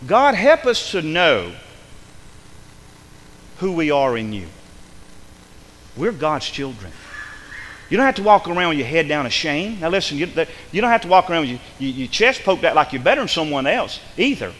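Animated male preacher in a reverberant hall. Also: on the high side, normal speed, pauses often, slight background noise. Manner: emphatic preaching, swings between hushed and loud. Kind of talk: sermon.

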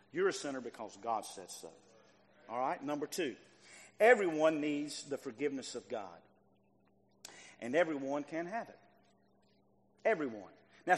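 A man preaching a sermon, emphatic and repetitive, swinging from quiet stretches to loud bursts. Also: medium pitch. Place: church sanctuary. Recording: long reverb of a hall.

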